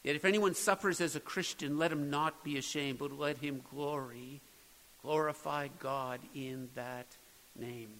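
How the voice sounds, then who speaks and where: Pastor, male, bright high voice, slow deliberate sermon delivery. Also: steady tone, in a large hall, poor audio. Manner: earnest preaching, rising to emphatic peaks.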